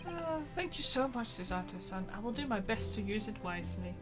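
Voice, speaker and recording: A woman's voice: mid-range voice, lively intonation, a little fast, over loud music, natural voice. A woman voicing a young male lawyer from a game, reading his lines and narration in a plain, earnest way. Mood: grateful. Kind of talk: reading game dialogue aloud.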